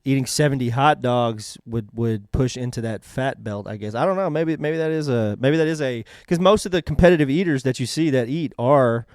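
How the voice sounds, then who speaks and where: A man's voice: medium pitch, a little fast, hardly any pauses, darkish tone, no room sound, studio quality. A man co-hosting a podcast, chatting easily and hedging as he thinks aloud. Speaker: podcast co-host. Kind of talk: casual chat.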